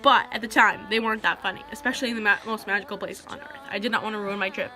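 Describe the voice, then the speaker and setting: Quick, bright-voiced teenage girl vlogger. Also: medium pitch, fairly even intonation, soft background music. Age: teenager, about 16. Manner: chatty, rambling, heavy use of "like". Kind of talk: casual storytelling to camera.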